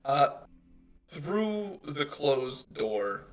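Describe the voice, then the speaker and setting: A man's voice: a little high, very animated, drawn-out words, far from the mic, soft background music, low-quality recording. A man running a tabletop game as game master, narrating casually with jokes and fillers. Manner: casual, joking, many fillers.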